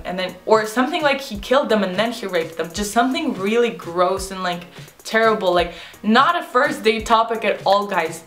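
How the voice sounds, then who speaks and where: A young woman tells a casual storytime straight to camera. She talks in quick bursts and says "like" every few words. Her voice sits at an ordinary pitch, with a roomy echo around it and soft music underneath. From Russia. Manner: chatty, rapid, peppered with "like". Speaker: vlogger.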